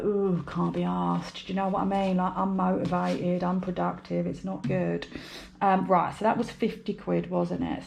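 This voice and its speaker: British woman, slow unhurried chat, heavy vocal fry, rambling, faint hiss behind. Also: fairly low pitch. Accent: British English. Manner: rambling, chatty, talks to herself. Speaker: budgeting vlogger. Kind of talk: casual chat to camera. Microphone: overhead camera mic.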